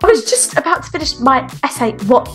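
A woman's voice: high-pitched, sing-song, fairly quick, music in the background. A woman hosting a game role-play as a busy mayor mother who talks chattily and gets exasperated with her kids.

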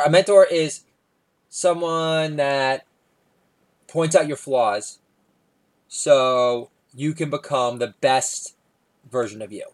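A man tells stand-up stories about family life. His delivery is wry, with quick asides. When he quotes his small daughter, his pitch jumps up. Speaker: stand-up comedian. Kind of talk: stand-up storytelling.

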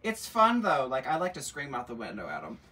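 Campy, lively man hosting a live sale. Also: mid-range voice, a little fast. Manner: campy, animated and sassy, full of asides and teasing. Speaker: luxury bag reseller hosting a live sale stream. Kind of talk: chatty live-stream selling, reading viewer comments. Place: indoor shop room with lights and windows. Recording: voice picked up from a distance.

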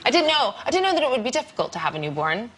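Deadpan woman comic. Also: on the high side, very fast, slightly rough. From Canada. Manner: dry, deadpan joking delivery. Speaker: comedian guest. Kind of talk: casual talk show chat.

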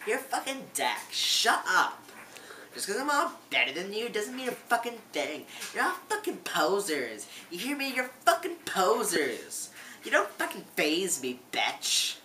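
A woman's voice: rumbling low, sing-song, takes it slowly, hardly any pauses, slight background noise, voice pushed down, heavily acted. A woman aping a cursing, hostile teen girl. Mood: scornful. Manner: swearing, spitting insults. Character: foul-mouthed ranting teen girl, hostile.

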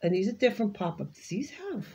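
A woman's voice: medium pitch, sing-song, a little fast, dark tone. A woman crafting vlogger in casual unboxing chat, gushing and exclaiming over each item she opens.

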